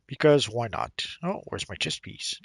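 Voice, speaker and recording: A man giving relaxed, chatty gameplay commentary and explaining things to new players as he plays. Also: mid-range voice, a little slow, slightly rough, dry recording. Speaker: gaming channel host.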